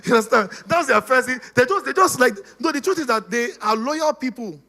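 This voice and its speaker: High-voiced animated man. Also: moderate pace. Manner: animated, laughing, acts out quoted voices, keeps asking "you understand?". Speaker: speaker on personality types. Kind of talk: casual teaching talk.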